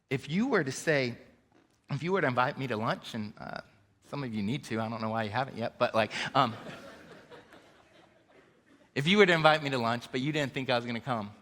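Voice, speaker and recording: A man preaching a sermon as pastor, emphatic, rising and dropping sharply in pitch and volume, with light laughs between points. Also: fairly bright tone, long reverb tail. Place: church sanctuary.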